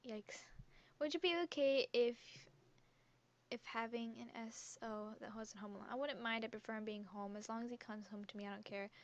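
Speaking at normal speed in a steady, fairly high voice, a teenage girl YouTuber casually works through quiz questions, reading and answering them with giggles. She talks into a gaming headset mic that hangs around her neck.

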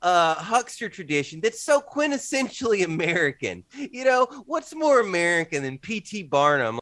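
A male author telling a story in an interview clip, animated and laughing as he mimics people. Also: high-pitched, moderate pace. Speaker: author and guest.

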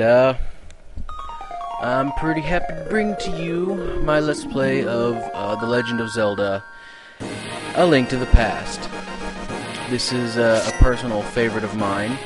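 A man hosting a let's play, giving excitable, profane commentary full of joking asides. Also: mid-range voice, unhurried. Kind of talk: gameplay commentary. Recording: game music playing behind.

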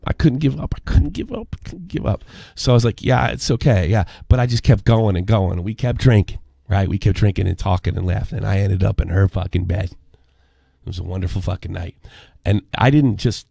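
A man in his forties hosting a podcast, telling a story and ranting with constant swearing, dropping low and then shouting. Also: normal speed, gravelly, husky, no room sound. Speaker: podcast host. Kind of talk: profane commentary rant.

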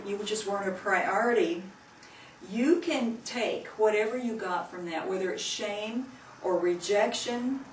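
A woman giving a Christian teaching, earnestly telling a story and gently urging her listeners. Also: mid-range voice. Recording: echoey room, mic at a distance, faint noise.

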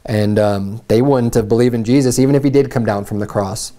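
A man's voice: mid-range voice, steady tone, fairly quick, dark tone. A man preaching a sermon as pastor, reading scripture aloud with earnest, rising emphasis.

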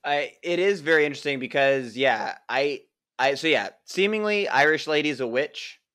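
A man's voice: a little high, moderate pace. A man co-hosting a casual TV review chat, ranting and swearing about what annoys him. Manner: ranting, swears, animated complaints. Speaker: co-host.

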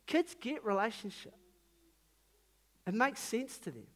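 High-voiced New Zealand man preaching. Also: big pitch swings, a little slow. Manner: earnest, conversational, emphatic rises on key phrases. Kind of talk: sermon.

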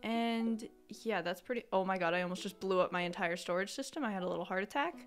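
A young adult woman giving casual, rambling gameplay commentary, breaking into excited exclamations. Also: medium pitch, fast, faint music behind. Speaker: gaming channel host.

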